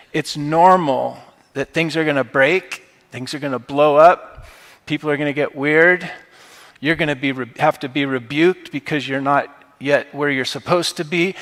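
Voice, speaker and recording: A pastor preaching to his congregation in a relaxed, conversational way, his voice pitched a little high for a man. He pushes hard on his key points, and the long reverb of the hall trails after every phrase. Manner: conversational preaching, rising to emphatic outbursts. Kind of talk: sermon. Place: church sanctuary.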